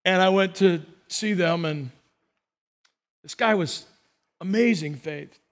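A man preaching a sermon as pastor, telling stories and acting out voices, swinging between soft and loud. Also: sits high, takes it slowly. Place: church sanctuary. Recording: long reverb of a large hall.

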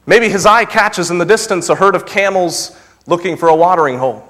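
A young man preaching a sermon, moving between loud, emphatic scripture reading and soft, intimate asides. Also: sits high, brisk. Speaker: pastor. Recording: long reverb of a large hall.

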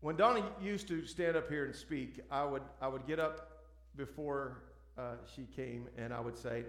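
A man, a pastor introducing a speaker and praying, often stumbling over and repeating words. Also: medium pitch. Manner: repeats words, warm halting delivery. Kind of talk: church sermon introduction and prayer. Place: church sanctuary. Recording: echoey church sanctuary.

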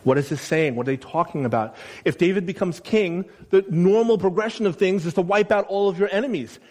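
A man preaching a sermon in a conversational way, asking his listeners questions and loudly acting out the quotes he reads. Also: high-pitched, a little fast. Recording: long reverb of a large room.

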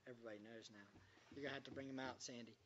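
A man's voice: mid-range voice, fairly even intonation, racing, a bit bright, highs cut off, a little hiss or hum. A male pastor preaching a sermon in a conversational, joking way, quizzing the congregation as he goes.

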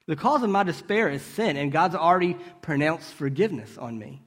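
A man's voice: a little high, lively intonation, brisk, fairly bright tone. A man giving a conversational sermon, asking rhetorical questions and checking in with his listeners. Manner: storytelling with brief restarts. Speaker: preacher.

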